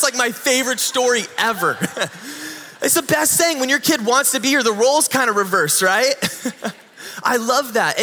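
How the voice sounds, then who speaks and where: A man in his thirties who leads a church's children's ministry, giving an animated talk to the congregation. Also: high-pitched. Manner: lively and animated, laughs often. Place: church sanctuary. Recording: long hall reverb.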